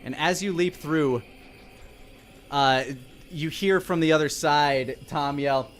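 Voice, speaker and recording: A man running a tabletop role-playing game as dungeon master, narrating scenes in a relaxed, descriptive way with playful sound-effect noises. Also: on the high side, takes it slowly.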